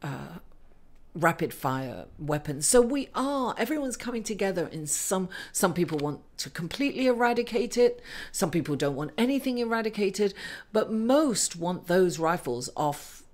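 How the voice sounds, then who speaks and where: A woman's voice: lowish voice, big pitch swings, normal speed. A middle-aged woman reading tarot cards for her viewers in an earnest, casual spiritual talk, sometimes laughing through tears. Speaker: astrology and tarot reader.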